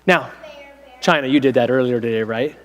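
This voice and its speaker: A man's voice: medium pitch, fairly quick. A male pastor telling a story to children in a church hall, in a playful way that draws in his listeners and helpers. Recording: long reverb in a hall.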